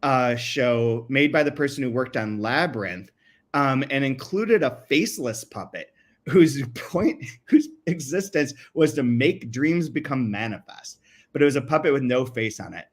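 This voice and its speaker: A man's voice: medium pitch, normal speed. Giggly man sharing odd trivia. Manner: giggly, laughs often mid-sentence. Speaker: podcast co-host. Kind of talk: casual chat, reading quotes aloud.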